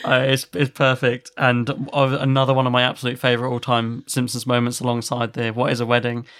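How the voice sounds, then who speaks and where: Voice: mid-range voice, completely flat delivery, a little fast, fairly bright tone, smooth. A podcast co-host chatting casually and enthusiastically, laughing a lot. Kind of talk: casual chat.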